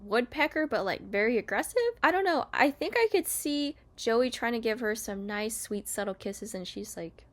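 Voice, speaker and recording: A woman's voice: a little high, lively intonation, normal speed, hardly any pauses. A young woman on her bed at home, casually chatting and recapping a reality show, often acting out quotes in different voices. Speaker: YouTuber reviewing a reality show. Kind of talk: casual chat.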